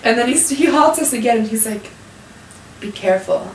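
A young adult woman telling a story in a casual, animated way, full of "like" fillers, acting out the people she quotes. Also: on the high side, fast talker, crowd noise. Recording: echoey room, mic at a distance.

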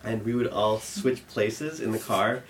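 A man's voice: on the low side, unhurried, slight background noise. Rambling young man telling a story. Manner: rambling, full of "like" and restarts, laughing at his own story. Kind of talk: live storytelling.

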